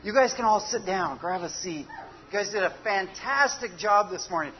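A woman's voice: mid-range voice, expressive, normal speed. Upbeat woman leading kids' sing-along. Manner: upbeat, encouraging, coaxing children by name. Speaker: children's worship leader. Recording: dull lo-fi sound under loud guitar music. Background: guitar music.

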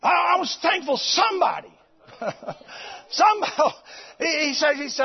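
A man preaching a fiery sermon, with a shouting, preachy cadence. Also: extremely high pitch, animated, unhurried, pauses often. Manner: shouting, preachy cadence, quotes others in character. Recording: muffled lo-fi recording.

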